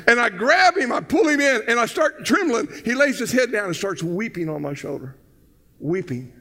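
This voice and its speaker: Man, older, pastor, animated sermon storytelling, high-pitched, long hall reverb. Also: normal speed. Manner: storytelling, animated, swings from loud to hushed.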